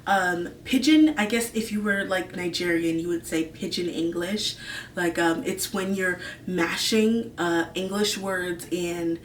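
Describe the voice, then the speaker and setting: A woman's voice: on the low side, measured pace, slight background noise. A woman host chatting casually to camera, rambling with lots of fillers and gushing about what she likes. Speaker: video host. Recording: roomy room, mic at a distance.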